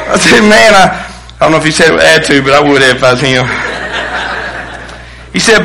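A middle-aged male pastor preaching a sermon, animated, acting out quotes with bursts of shouting. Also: on the high side, a little fast, gravelly, poor audio.

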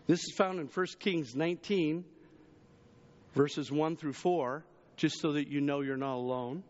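A man preaching a sermon as pastor, chatty with the congregation, jumping to loud exclamations and dropping to hushed asides. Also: takes it slowly, long pauses, in a large hall, highs cut off. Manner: conversational preaching, swings between raised exclamations and hushed low asides.

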